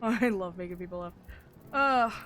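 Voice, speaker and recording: Excitable woman streamer with a bright voice. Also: mid-range voice, moderate pace, soft background music. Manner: excitable, swings from mutters to loud outbursts, swears freely. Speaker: game streamer. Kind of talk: casual live-stream chatter.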